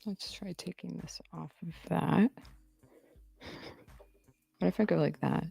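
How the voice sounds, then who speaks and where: A woman's voice: lowish voice, slow pace, vocal fry, long pauses, dark tone, slightly rough, dry recording, soft background music. A woman hosting a casual livestream, chatting loosely with viewers while she fiddles with her audio settings. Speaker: livestream host.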